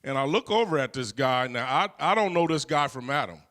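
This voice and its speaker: A man's voice: medium pitch, animated, a little fast, fairly bright tone. A middle-aged man from California telling a personal life story in a conversational way, with frequent "you know" fillers. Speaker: guest.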